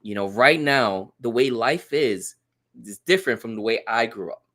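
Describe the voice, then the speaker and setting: A man in his thirties tells a story on a casual podcast, his pitch swinging widely. He slips into the voices of the people he quotes and keeps a chatty storytelling manner. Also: moderate pace. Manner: animated storyteller, acts out quotes. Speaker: podcast guest. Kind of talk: casual chat.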